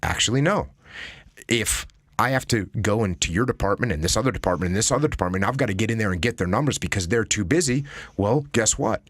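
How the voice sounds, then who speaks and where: A man's voice: fairly low pitch, expressive, quick pace, a bit bright, no room sound, clean studio sound. A man guest on a podcast, talking emphatically and acting out example conversations. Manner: emphatic, acts out example dialogues. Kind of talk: casual conversation.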